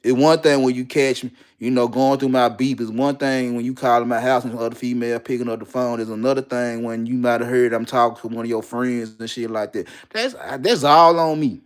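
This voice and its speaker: A young man tells his own story in plain, unpolished talk. He is blunt and profane and hammers points home by repeating himself. His voice sits at an ordinary middle pitch. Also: brisk, few pauses, clean tone. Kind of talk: candid personal storytelling.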